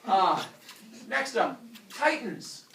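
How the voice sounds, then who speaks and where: Animated male teacher, roomy and distant. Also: high voice, drawn-out words, creaky, a little hiss or hum. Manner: animated, jokey, acts out voices. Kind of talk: classroom lecture. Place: classroom. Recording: roomy classroom audio from far off.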